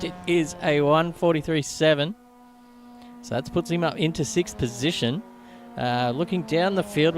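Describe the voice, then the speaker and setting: A man giving chatty, quick live commentary on a sim racing qualifying session. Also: mid-range voice, a little hiss or hum. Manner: chatty, quick, laughs along.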